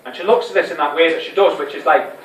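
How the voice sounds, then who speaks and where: A man's voice: a little high, quick pace, a bit bright, close to an everyday voice. An actor playing an anxious, lovesick young man, rambling and hesitant, with many restarts, in a stage monologue. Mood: wistful. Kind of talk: theatre monologue. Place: small fringe theatre venue. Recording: echoey room, distant mic, faint hiss.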